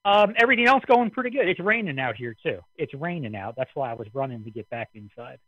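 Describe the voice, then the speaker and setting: A man from the Midwest calling into an amateur radio net, talking in a relaxed, rambling way and slightly out of breath. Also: medium pitch, quick pace, breathy edge, no echo. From American Midwest. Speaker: caller on the net. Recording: dry radio transmission, phone-like band.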